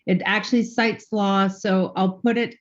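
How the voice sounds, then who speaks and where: Woman, plain advice, group call, mid pitch, muffled lo-fi sound. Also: steady tone, normal speed. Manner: plain, advising, addresses folks. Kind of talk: group video call talk. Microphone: video call. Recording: dull lo-fi call audio.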